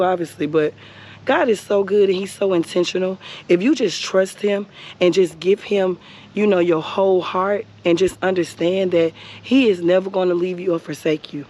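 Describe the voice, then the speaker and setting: A woman's voice: mid-range voice, moderate pace, a little mellow. Earnest woman vlogging at a gravesite. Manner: earnest, encouraging, repeats phrases, addresses viewers as y'all. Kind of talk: heartfelt talk to camera. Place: outdoors at a cemetery gravesite.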